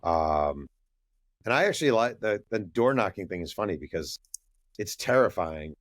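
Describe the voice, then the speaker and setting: A male writer tells stories casually and acts out the dialogue. His voice sits low, and the sound is dry and close. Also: normal speed, no echo. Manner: lively storyteller who acts out dialogue and uses many fillers. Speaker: author, podcast guest. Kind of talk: casual interview storytelling.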